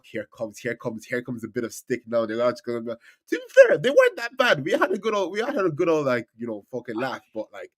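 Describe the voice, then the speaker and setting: A man chatting casually about football as a podcast co-host, animated and full of stammered restarts. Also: sits high. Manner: animated, stammering restarts, swings loud and soft.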